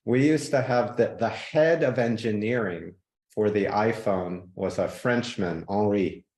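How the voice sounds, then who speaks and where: A man guest in a podcast interview, telling relaxed stories and now and then mimicking people. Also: on the low side, a little slow, echoey room. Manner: relaxed, laughs easily, mimics people in anecdotes. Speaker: guest, tech innovator. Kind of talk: conversational interview storytelling.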